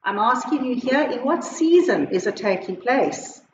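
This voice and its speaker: A South African woman teacher giving a slow, clear lesson, switching between Afrikaans and English as she explains words and a short poem. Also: a little high, animated, darkish tone, slight background noise. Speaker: primary school teacher. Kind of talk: recorded online Afrikaans lesson. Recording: echoey, muffled home video recording.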